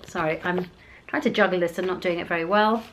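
A woman's voice: on the low side, fast talker, slight background noise. A middle-aged woman chatting casually as she unboxes beauty products for her vlog, gushing and exclaiming as she goes. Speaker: beauty vlogger.

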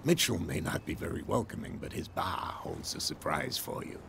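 Gravelly Boston sea captain. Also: male voice, low-pitched, very animated, normal speed, fairly bright tone, exaggerated voice. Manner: folksy, sailor's turns of phrase. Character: gruff old male boat captain. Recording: game audio with clear noise.

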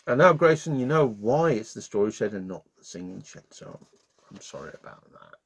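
A man's voice: lowish voice, sing-song, fairly quick, slightly rough. A man reading a bedtime story aloud to children in a playful, friendly way as the channel's storyteller. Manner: warm-hearted, playful, sings along.

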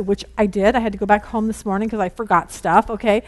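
A middle-aged woman teaching a women's Bible study in an informal, candid way, hurrying to finish and acting out family conversations as she goes. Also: mid-range voice. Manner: chatty and candid, rushing against the clock; acts out family conversations in lively quoted voices.

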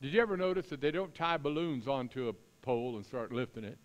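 A middle-aged man preaching a sermon as pastor, chatting with the congregation, then reading scripture loudly and with emphasis. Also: mid-range voice, lively intonation, fast.

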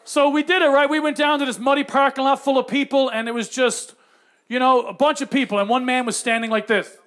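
High-voiced man doing stand-up. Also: a little fast. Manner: animated, punchy storytelling. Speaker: stand-up comedian. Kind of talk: stand-up comedy.

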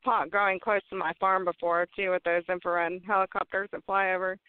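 A woman's voice: on the low side, flat delivery, brisk, clean tone, no room sound. A woman from West Virginia, a podcast guest telling stories casually, laughing often and swearing freely. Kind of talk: casual storytelling. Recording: phone-like line.

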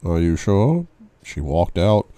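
A man voicing a calm, probing male psychiatrist in an audiobook reading, with measured questions. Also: low voice, no echo, full character voice.

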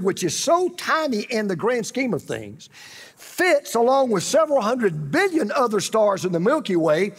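A man preaching a sermon as pastor, animated and repetitive, with dramatic pauses. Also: very high-pitched, breathy edge. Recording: reverberant hall.

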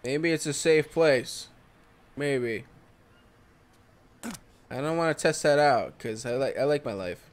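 A man's voice: medium pitch, takes it slowly, long pauses. A man giving casual solo commentary over a survival game, exclaiming at surprises. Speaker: gameplay commentator.

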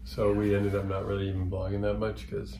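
A man's voice: fairly low pitch, completely flat delivery, fairly quick, gravelly, echoey room, noisy background. A young man chatting casually with his partner in a vlog, easygoing, with short replies. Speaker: vlogger's partner.

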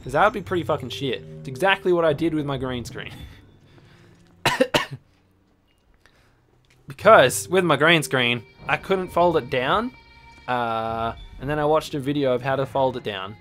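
A young man in casual let's play commentary, swearing a lot and bursting into yells at enemies. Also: medium pitch, normal speed, pauses often. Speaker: gaming channel host. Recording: faint game music behind.

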